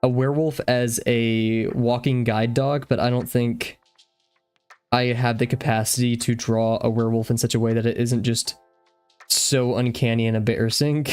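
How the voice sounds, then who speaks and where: A young man talks loosely to his viewers on a drawing stream, out of breath from exercise. He rambles and drifts off track as he speaks, with faint music playing softly behind him. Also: mid-range voice, level tone, moderate pace, clean tone. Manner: rambling, easily distracted. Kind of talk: casual live-stream chat.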